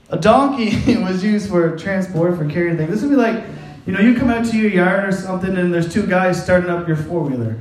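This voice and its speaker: A man's voice: high voice, lively intonation, a little fast, reverberant, poor audio. A male pastor giving a sermon in a loose, conversational way, joking, laughing often and briefly acting out the people in his stories.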